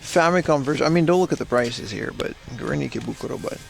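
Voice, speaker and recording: Here a man speaks fast in a fairly high, creaky voice over soft background music. Hosting a laid-back livestream from a retro game shop, he browses the shelves and chats, reading viewers' comments aloud.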